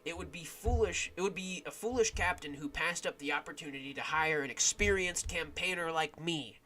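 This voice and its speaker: A man voicing an older female camp follower in a game, a blunt and shrewd woman, speaking in a slow, drawn-out storytelling manner. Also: fairly high pitch, bright, forceful tone, voice pushed up. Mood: gruff, worldly.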